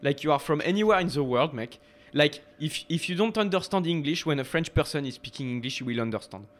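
A man's voice: on the high side, lively intonation, quick pace. A young man with a New Zealand accent, chatting enthusiastically and rambling with fillers. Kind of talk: casual chat.

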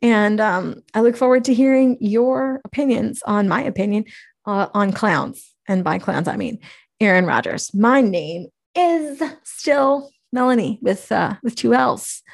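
Rambling, heated woman with a creaky voice. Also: mid-range voice, measured pace. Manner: rambling, profane, self-deprecating, heated. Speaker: podcast host. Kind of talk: casual solo sports podcast rant.

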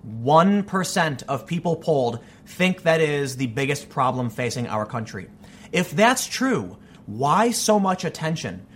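A man's voice: on the high side, big pitch swings, measured pace, slight background noise. A man delivering an opinion monologue on politics, emphatic and argumentative. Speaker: political commentator.

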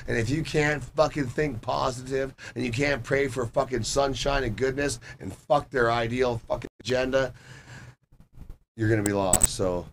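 This man talks in a loose, rambling way, swearing constantly and getting worked up as he preaches his point. His pitch sits at an ordinary middle height for a man. He speaks as a guest in a relaxed conversation. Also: moderate pace, slight background noise. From Canada. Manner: profane, rambling and emotional; fervent and preachy. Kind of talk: casual chat.

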